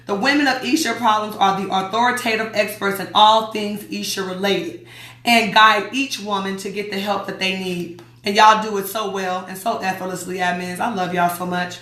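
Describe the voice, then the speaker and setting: Chatty woman, bright echoey voice. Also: medium pitch, fairly even intonation, normal speed. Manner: chatty and emphatic, talks back to her listeners. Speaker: radio show host. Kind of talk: casual talk radio, reading a newsletter aloud. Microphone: streaming mic.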